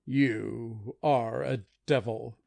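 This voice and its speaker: A woman's voice: rumbling low, steady tone, drawn-out words, creaky, a little mellow, voice pushed down, exaggerated voice. A woman reading an audiobook, voicing a passionate, desperate young male anarchist who pleads with his comrades. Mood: bitter. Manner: impassioned, pleading.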